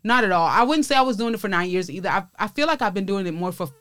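A woman's voice: mid-range voice, racing, dry recording. Young woman comic on a podcast, telling wild stories, doing everyone's voices, dry close mic. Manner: animated, acts out the people in her stories. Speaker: comedian guest. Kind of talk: casual podcast storytelling.

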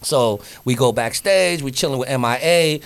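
Brief: male podcast guest, Northern California accent, slangy, lively raconteur. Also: medium pitch, moderate pace, gravelly. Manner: slangy, animated storyteller who acts out quotes. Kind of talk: casual storytelling.

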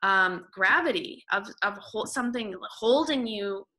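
Bright-voiced woman guest telling her story. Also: medium pitch. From Canada. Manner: animated storytelling, quick restarts. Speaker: podcast guest, author. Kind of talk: casual interview talk.

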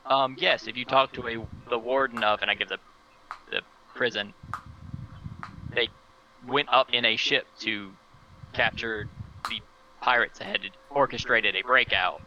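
A man playing his character in a tabletop game, talking hesitantly with stammers and sudden leaps in pitch. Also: fairly even intonation, a little slow, pauses often, pushed and bright, dull audio, slight background noise. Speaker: player.

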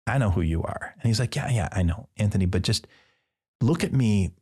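Deep-voiced priest telling a story. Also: male voice, fast, husky. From Midwestern United States. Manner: animated, acts out dialogue with playful asides. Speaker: priest guest. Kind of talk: casual storytelling interview.

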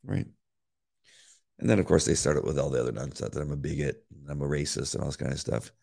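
A man co-hosting a faith podcast in casual chat, with a deep voice, animated and repeating words when excited. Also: quick pace. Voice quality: deep, gravelly voice. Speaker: podcast co-host.

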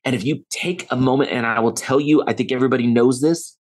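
A middle-aged man, a guest on a podcast, talking earnestly and telling stories with lively quoted dialogue. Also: medium pitch, quick pace. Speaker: podcast guest, author and speaker. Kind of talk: conversational interview.

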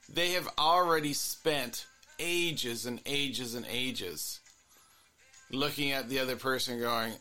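Bright-voiced musing male therapist. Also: medium pitch, measured pace, faint music behind. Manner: musing, repetitive, earnest. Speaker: couples therapist and podcast host. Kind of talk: reflective solo monologue.

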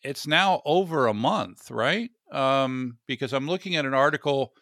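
Bright-voiced American man rambling about tech. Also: medium pitch, moderate pace, no room sound, clean studio sound. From United States. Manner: rambling, self-mocking, repeats words. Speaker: podcast host. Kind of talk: casual tech chat.

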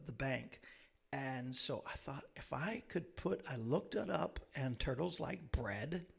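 Man, talk show host, rambling storyteller, laughs at own jokes, gravelly, animated pitch. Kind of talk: casual chat.

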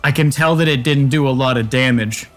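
A man's voice: medium pitch, fairly quick, fairly bright tone. Guy at a tabletop game, playful, mid voice, a bit of music in back. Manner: joking, playful. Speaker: player. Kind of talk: casual tabletop play. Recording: faint music underneath.

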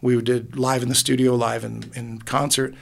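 Middle-aged male musician guest, gravelly voice, heartfelt and rambling, podcast booth. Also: mid-range voice, level tone, moderate pace. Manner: rambling and heartfelt, many restarts. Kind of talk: casual interview conversation.

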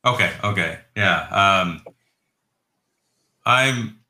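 A man's voice: deep voice, extremely slow, sharp tone, echoey room, slight background noise. A man hosting a podcast in casual tech chat, talkative and often checking in with his listeners. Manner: chatty, tags lines with "right?". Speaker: podcast host.

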